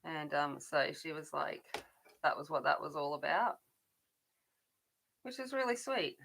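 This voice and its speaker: Woman, middle-aged, lowish pitch, bright tense tone, casual colouring chat, rambling. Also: expressive, a little slow, vocal fry. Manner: chatty and rambling, frequent restarts. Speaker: adult colouring channel host.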